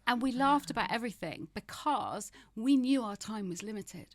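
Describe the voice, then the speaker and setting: A woman's voice: on the high side, animated, moderate pace, dry recording, clean studio sound. A woman in her fifties, a guest in an interview, speaking frankly and emphatically with wry humor. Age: 50s. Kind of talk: candid interview conversation.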